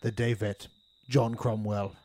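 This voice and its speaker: A man improvising a solemn male night vet who talks to animals, in a grave, hushed, mock-dramatic tone. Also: on the low side, flat delivery, slow pace.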